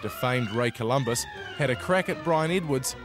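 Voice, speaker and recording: A man's voice: medium pitch, animated, normal speed. A man giving scripted satirical documentary narration in a wry, ironic way. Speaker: narrator and presenter. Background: music.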